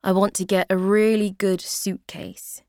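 Woman reading a confident young man, casual, direct, slow, gravelly. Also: mid-range voice, little pitch movement, a little mellow, no room sound, studio quality, natural voice.

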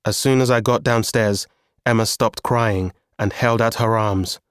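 A man reading a chapter of a novel aloud in first-person narration, at a measured pace. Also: on the low side, fairly even intonation, clean tone, no echo, clean studio sound. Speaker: audiobook narrator.

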